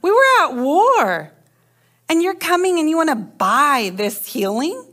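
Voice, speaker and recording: A woman's voice: high voice, very animated, measured pace, a bit bright, voice pushed up, full character voice. A woman preacher voicing an indignant ancient king who fires off exasperated questions. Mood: outraged.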